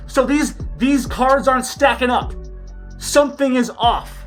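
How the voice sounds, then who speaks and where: Commentary vlogger: woman, loud and profane, sarcastic, mask-muffled, pitched above average. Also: unhurried, faint music behind. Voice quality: slightly muffled by a face mask. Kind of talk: ranting commentary.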